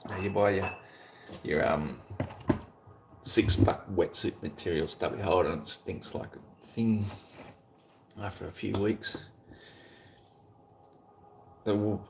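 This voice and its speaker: A man's voice: deep voice, vocal fry, darkish tone, a little hiss or hum. An Australian man hosting a livestream, chatting casually and greeting viewers in a rambling, laid-back way with casual swearing. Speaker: livestream host. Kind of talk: casual chat while reading viewer comments.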